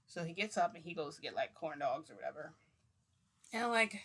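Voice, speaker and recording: A woman's voice: on the low side, brisk, a bit bright. A young woman vlogger telling viewers a story in casual, rambling talk, full of "like" fillers.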